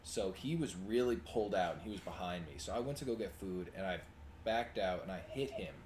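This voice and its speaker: A young man with a lowish voice tells a profane story on a casual podcast. He gets animated and jumps loud whenever he quotes someone. A faint hiss sits under the amateur recording. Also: fairly quick. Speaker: podcast co-host.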